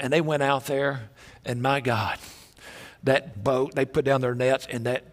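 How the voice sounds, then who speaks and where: A man's voice: medium pitch, steady tone, brisk. A male pastor preaching a sermon in a church, telling stories with energy and many repeats and restarts. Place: church sanctuary.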